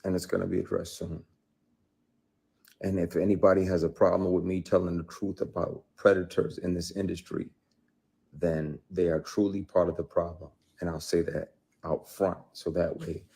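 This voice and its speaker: A man telling a personal story, emphatic, swinging between quiet intensity and loud outbursts. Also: deep voice, vocal fry, breathy edge. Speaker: actor telling his story. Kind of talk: heated personal account, clip.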